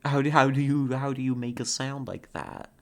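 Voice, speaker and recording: A woman streaming a game, chatting casually and excitedly, laughing often and making playful growling noises. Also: rumbling low, moderate pace, gravelly. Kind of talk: casual live-stream commentary.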